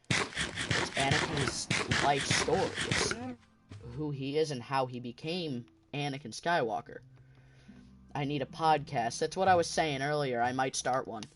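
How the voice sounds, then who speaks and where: A man hosting a gaming channel, talking in a casual rambling monologue while he plays, passionate and often restarting his sentences. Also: mid-range voice.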